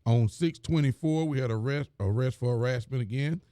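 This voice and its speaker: A man's voice: medium pitch, fairly quick, mellow, dry recording, studio quality. A man, a county sheriff, reading the week's reports and talking in a plain, folksy way on a live stream. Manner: plain, folksy, repeats phrases.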